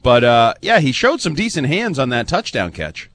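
A man's voice: medium pitch, big pitch swings, normal speed, fairly bright tone, dry recording. A man hosting sports talk radio, explaining players and roles in a matter-of-fact, informed way.

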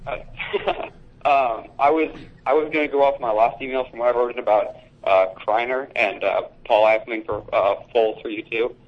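Young male caller, halting and rambling, muffled lo-fi phone sound, mid pitch. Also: steady tone. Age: young adult. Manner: rambling, halting football analysis. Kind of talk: casual call-in chat. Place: school hallway. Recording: dull lo-fi phone line.

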